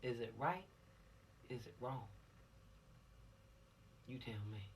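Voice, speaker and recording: A man's voice: mid-range voice, lively intonation, slow, far from the mic, a little hiss or hum. A man giving an informal, preachy law lesson to teenagers, repeating his points for emphasis. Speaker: law instructor for teens.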